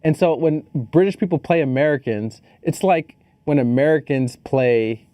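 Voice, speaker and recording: A man's voice: on the high side, normal speed, dry recording. Laid-back male podcast co-host. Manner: animated, joking, swears casually. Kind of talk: casual movie review chat.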